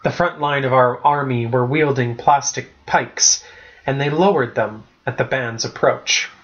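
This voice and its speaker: A man voicing a calm, reasonable boy among the rebels, speaking in a measured way. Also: medium pitch, muffled recording, lightly acted.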